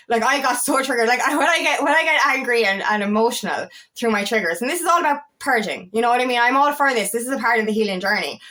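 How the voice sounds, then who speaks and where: A woman's voice: medium pitch, fairly bright tone. A woman in her thirties or older, an empowerment coach, talking in a raw, earnest and emotional way, swearing freely and repeating words as she shares her own story. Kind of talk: personal vlog talk.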